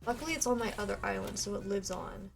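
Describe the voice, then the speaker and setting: A woman's voice: medium pitch, fast, vocal fry, over music. A woman in her twenties, a game streamer chatting casually with her live viewers in a rambling way, full of "like" fillers.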